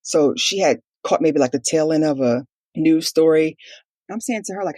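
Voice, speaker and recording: A woman with a husky, slightly breathy voice tells a personal story in a podcast interview. She speaks earnestly and fast, acting out remembered dialogue and leaning on "like" as she goes. The sound is dry and close. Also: deep voice, mellow, no echo. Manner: earnest, quick retelling with quoted dialogue and many "like" fillers. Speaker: guest telling her family story.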